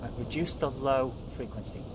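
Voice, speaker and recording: A man's voice: medium pitch, normal speed, heavy background noise. A British man hosting a live stream, chatting casually and grumbling while he fiddles with his audio settings.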